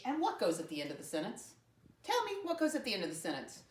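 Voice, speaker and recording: A woman teaching young children a math lesson, talking slowly, spelling words out letter by letter, and making playful jumps in pitch. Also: huge pitch swings, distant mic, a little hiss or hum. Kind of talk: early-grade math lesson. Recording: roomy sound from off-mic.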